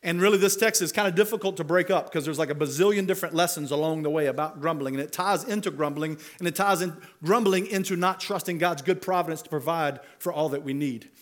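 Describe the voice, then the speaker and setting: Preaching an expository sermon as pastor, a man talks conversationally and builds to emphatic rhetorical questions. His voice is a little high and fast, with hardly any pauses.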